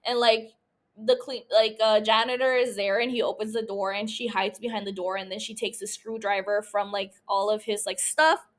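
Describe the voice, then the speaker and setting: A woman's voice: medium pitch, little pitch movement, normal speed. A young woman hosting a podcast, casually recapping a movie plot in a chatty way, full of "like" and restarts. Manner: chatty, heavy use of filler "like", frequent restarts. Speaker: podcast host.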